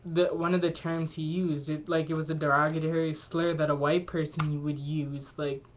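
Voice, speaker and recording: Young woman vlogger, lowish voice, earnest and unscripted, thinks aloud with lots of "like", faint hiss behind. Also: flat delivery, moderate pace. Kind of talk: casual vlog monologue.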